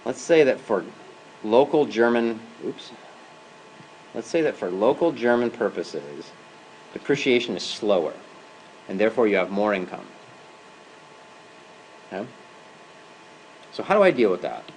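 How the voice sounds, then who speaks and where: A man's voice: lowish voice, lively intonation, measured pace, long pauses, darkish tone, slight background noise, poor audio. A man giving a university lecture in a classroom as an adjunct professor. He talks conversationally and keeps checking in with "right?" and "okay?".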